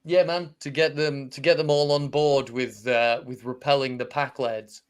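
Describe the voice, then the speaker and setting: A man's voice: medium pitch, little pitch movement, normal speed, clear, resonant tone. A man co-hosting a podcast in casual chat, hesitant and full of restarts. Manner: hesitant, lots of restarts and fillers. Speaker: podcast co-host.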